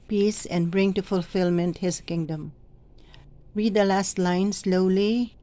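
A middle-aged woman training church lectors, explaining how to proclaim the readings in a slow, deliberate way and stretching the words she stresses. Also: fairly low pitch, warm tone, no room sound. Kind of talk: instructional reading guide.

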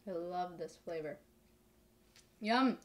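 A woman's voice: lowish voice, slow, dry recording. A young woman co-hosting a cooking channel, reading recipe steps and tasting food with enthusiasm. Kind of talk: recipe narration and casual chat.

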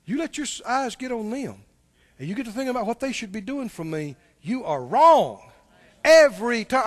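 A middle-aged male pastor preaching with a high, very lively voice. He swings from loud bursts to quiet asides and chuckles between his points. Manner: animated preaching with sudden loud outbursts and soft asides. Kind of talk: sermon.

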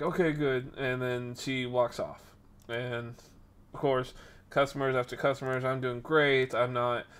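Brief: young male streamer, chatty storyteller, does voices for the people in his anecdotes. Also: medium pitch. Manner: animated, acts out quoted people. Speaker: streamer and podcast host. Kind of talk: casual storytelling chat.

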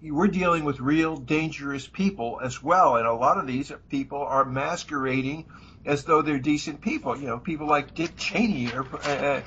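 Older male co-host, husky and sharp, slightly high, lo-fi audio. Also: normal speed, slight background noise. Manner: hesitant, many fillers. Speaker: radio co-host. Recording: dull lo-fi radio audio.

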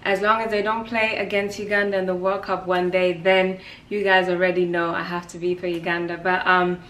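A woman's voice: lowish voice, flat delivery, a little fast, a bit bright, reverberant, far from the mic. A young woman vlogging a clothing haul, chatty and playful, with slang and jokey asides. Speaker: fashion vlogger. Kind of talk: casual haul vlog.

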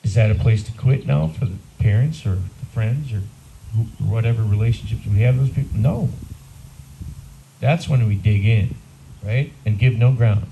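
A man's voice: fairly low pitch, normal speed, gravelly, highs cut off, slight background noise. A man in his sixties, a priest, preaching a homily in a blunt, conversational, self-deprecating way. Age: 60s. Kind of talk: sermon.

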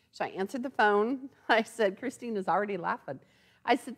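A woman's voice: mid-range voice, brisk. A woman giving a chatty live product demonstration in a sewing store, often checking in with "okay?". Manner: chatty, animated, tags lines with "okay?".

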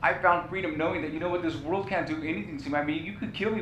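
A man's voice: steady tone, rapid-fire. A male pastor preaching a sermon, telling a personal story with passion and repeating key phrases. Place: church sanctuary. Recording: echoey church room with faint rumble.

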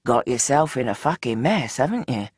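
A woman's voice: extremely low pitch, sing-song, moderate pace, darkish tone, slightly rough, no echo, clean studio sound, voice pushed down, exaggerated voice. A narrator voicing a drunk, brash young woman who swears casually and talks in an offhand, mocking way.

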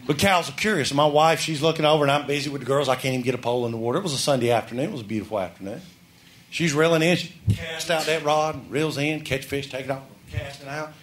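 A man doing live stand-up comedy, telling a folksy story and building up to excited shouts. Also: fairly high pitch, quick pace. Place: club or stage before a live audience. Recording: live show with audience laughter and noise.

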